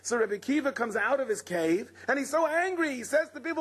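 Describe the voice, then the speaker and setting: Husky high-voiced man teaching Torah. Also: lively intonation, quick pace, fairly bright tone. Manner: dramatic storyteller who acts out quoted speakers. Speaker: rabbi teaching a Torah class. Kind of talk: Torah lecture with storytelling.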